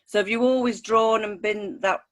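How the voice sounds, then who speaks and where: Northern english woman hosting a cosy chat, friendly and upbeat, asks quick questions. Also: medium pitch, fairly even intonation. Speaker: host. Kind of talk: casual interview chat.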